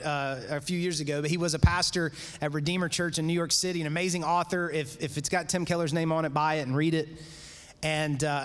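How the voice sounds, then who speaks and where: A man preaching a sermon as pastor, conversational and animated, with casual asides to the congregation. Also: a little high, smooth, in a large hall. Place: church sanctuary.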